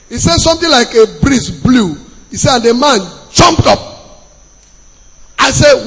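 A Nigerian man preaching a sermon in a very high, husky voice. He tells a story and pushes up to shouts for emphasis. His voice rings out with a long hall reverb behind it. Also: unhurried. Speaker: pastor.

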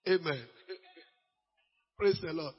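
Animated Nigerian pastor in a reverberant hall. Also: male voice, a little high, very slow, breathy edge. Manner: animated preaching mixing Pidgin, bursts of shouting. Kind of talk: sermon. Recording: muffled, long hall reverb.

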